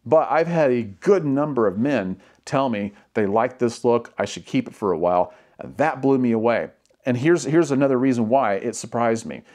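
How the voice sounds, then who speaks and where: A man's voice: mid-range voice, expressive, normal speed, a little mellow. Chatty man telling a story. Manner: chatty and rambling, with many restarts and little laughs. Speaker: vlogger. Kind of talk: casual storytelling to camera.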